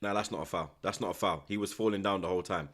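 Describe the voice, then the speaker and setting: A man with a London accent hosting a football watchalong, slangy and teasing, flaring up excitedly at the action from home. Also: low-pitched, very fast. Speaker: host. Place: at home indoors.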